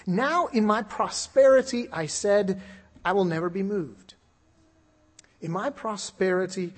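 A man preaching an expository sermon, earnest and measured, with emphatic rises and repeated words. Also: high-pitched, husky. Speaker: pastor.

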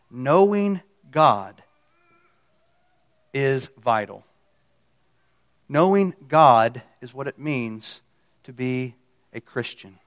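A man's voice: medium pitch, expressive, slow pace, long pauses. A man teaching through a Bible passage in sermon style, earnest and emphatic, stressing key words and sometimes correcting himself.

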